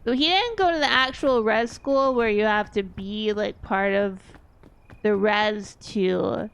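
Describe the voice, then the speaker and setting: A woman's voice: medium pitch, takes it slowly, vocal fry, clear, resonant tone. A woman from East Texas, chatting casually as a streamer and thinking aloud in a rambling way.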